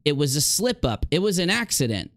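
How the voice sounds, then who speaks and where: A man's voice: fairly high pitch, very animated, fairly quick, a bit bright, dry recording, clean studio sound. A man streamer in a heated livestream rant, confrontationally addressing a rival directly.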